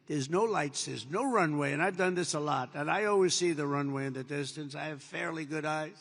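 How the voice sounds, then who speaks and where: An older man with a gravelly, forceful voice, pitched a little high for a man, telling a long anecdote in a rambling, repetitive way. He is heard through the long reverb of a large hall. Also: brisk. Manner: digressive, repetitive, with acted-out quotes. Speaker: president giving a speech. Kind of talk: rambling anecdotal speech to an audience.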